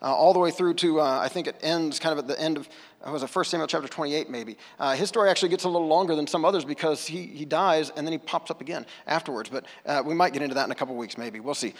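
A man's voice: on the high side, fast talker. A man from the United States preaching a sermon at church in a casual, conversational way, with self-deprecating asides. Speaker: pastor. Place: church sanctuary. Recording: long hall reverb.

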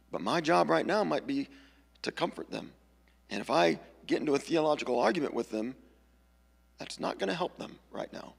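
A male pastor gives a casual, storytelling sermon, now and then jumping into lively voices for the people in his stories. His voice is very gravelly and a little husky. The sound rings with the long reverb of a church hall. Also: fairly high pitch. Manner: conversational storytelling, animated character voices. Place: church sanctuary.

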